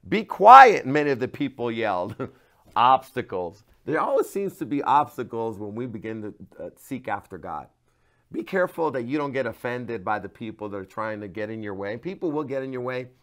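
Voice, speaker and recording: A man, a pastor, giving a devotional sermon to camera, moving from hushed, earnest talk to loud, pleading cries. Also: medium pitch, animated, normal speed. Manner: passionate, swings from hushed to loud cries when quoting.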